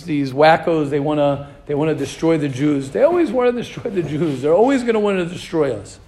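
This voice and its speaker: A rabbi teaching an informal Torah class, animated and questioning his students, mixing in Hebrew terms. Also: on the high side.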